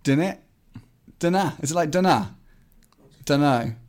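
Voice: mid-range voice, animated, unhurried, a little mellow. A podcast co-host guessing the meanings of dialect words, amused and baffled, laughing often. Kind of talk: casual podcast chat, guessing word meanings.

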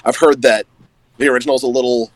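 A man's voice: mid-range voice, fairly even intonation, fast talker, dry recording, low-quality recording. A man in casual chat who rambles with lots of "like" and laughs often.

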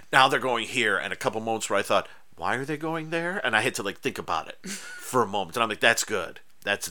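A man co-hosting a podcast in easy, casual chat. His voice is low and bright, and he stumbles and restarts his sentences often. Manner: halting, many restarts. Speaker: podcast co-host.

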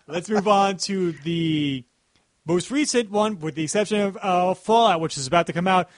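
A man's voice: sits high, moderate pace. A man hosting a casual podcast chat, rambling with many "like" fillers. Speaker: podcast host.

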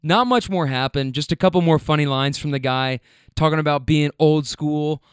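Speaking at normal speed in a slightly high, clean voice, a man who drives for a rideshare service casually recounts his rides, cursing freely and addressing the listener directly. The sound is clean studio audio with no room sound.

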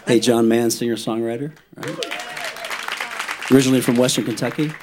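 A man, a guest bandleader, introducing his bandmates on air in a relaxed, joking way with lots of fillers. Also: medium pitch, moderate pace. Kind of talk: introducing band members on air. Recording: live studio with crowd and clicks. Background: audience noise and clicks.

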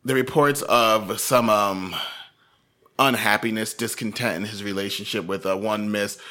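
A man co-hosting a casual talk show, rambling and animated with many fillers. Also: on the low side, measured pace. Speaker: podcast co-host. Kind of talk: casual chat.

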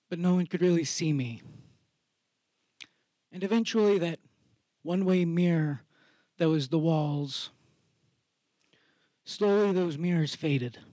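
A man tells an earnest personal story at a slow, deliberate pace. His voice sits fairly high, and the sound is close and dry. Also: dark tone, no echo. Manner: slow, measured and reflective. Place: theater stage.

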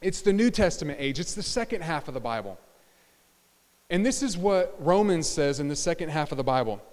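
Animated high-voiced male pastor preaching. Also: a little fast. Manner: animated, joking, audience asides. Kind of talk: sermon. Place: church sanctuary. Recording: church hall reverb.

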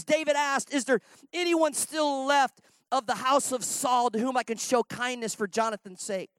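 A middle-aged man preaching a sermon on a stage, telling stories emphatically and swinging between loud outbursts and hushed lines. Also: very high voice, clear, resonant tone, no room sound, low-quality recording. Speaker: traveling preacher.

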